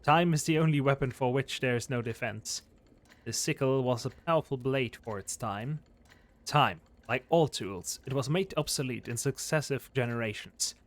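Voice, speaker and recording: Dude doing a big solemn time-god voice, all grand and portentous. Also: male voice, mid-range voice, normal speed, lightly acted. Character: grandiose male being embodying the end of time. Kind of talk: voicing game dialogue.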